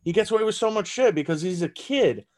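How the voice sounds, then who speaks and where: A Texas comedian with a Southern accent talks fast and animatedly, his voice sitting high with a darkish tone. In relaxed podcast chat he laughs frequently, swears, and speaks loosely with many fillers.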